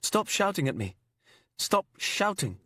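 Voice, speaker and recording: A man voicing a creepy imprisoned killer with a put-on English accent that slips into Aberdonian, smug and slow, then whiny. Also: medium pitch, very animated, dry recording, studio quality. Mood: whiny, rattled. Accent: put-on English slipping into Aberdonian. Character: creepy male killer prisoner, slithery and childish.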